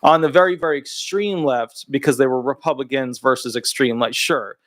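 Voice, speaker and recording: A man's voice: mid-range voice, brisk, fairly bright tone, no echo, studio quality. A middle-aged man, a disability attorney, giving chatty, opinionated commentary in a casual video. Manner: chatty and opinionated, talks to his dog mid-video.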